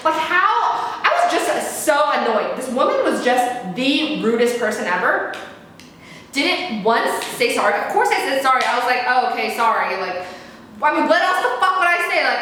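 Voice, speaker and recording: A young woman in an unedited storytime vlog, talking fast and frantically, swearing and exasperated, a little out of breath. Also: high-pitched, bright, forceful tone, heavy reverb. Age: young adult. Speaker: vlogger.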